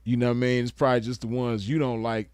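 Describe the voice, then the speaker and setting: A man's voice: medium pitch, level tone, fast talker, a little mellow, smooth, dry recording. A young man from the West Coast giving laid-back, slangy commentary with frequent chuckles. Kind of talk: casual commentary.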